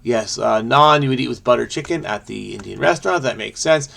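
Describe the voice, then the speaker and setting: A man's voice: medium pitch, fairly quick, creaky, a bit bright. A man hosting a crossword video, solving casually and thinking aloud, trailing off and making self-amused asides.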